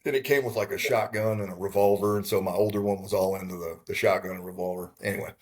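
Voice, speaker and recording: A man chatting as a podcast guest, telling a lively story with acted-out quotes. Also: lowish voice, fast talker. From Texas. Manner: animated storyteller, acts out quotes. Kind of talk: casual storytelling chat.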